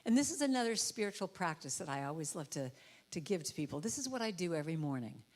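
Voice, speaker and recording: A woman gives an inspirational talk from a church stage. She speaks playfully and slips into high, comic voices to act out what people say. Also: sing-song, fast talker. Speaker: guest speaker and musician. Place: church sanctuary. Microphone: handheld or headset mic with trouble.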